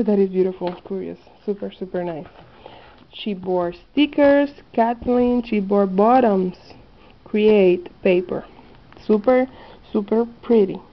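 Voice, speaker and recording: Woman vlogger, gushing over a haul; slow delivery, dull lo-fi camera sound with faint hiss. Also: medium pitch. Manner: excited, gushing, slightly non-native phrasing. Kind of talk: casual haul video. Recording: dull lo-fi home video audio.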